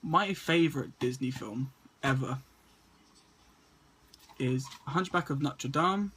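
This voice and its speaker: A man's voice: mid-range voice, slow, a bit bright, slight background noise. A man, stuttering and restarting often as he casually talks through a list of movies to his camera. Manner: stutters and repeats words often. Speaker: movie vlogger.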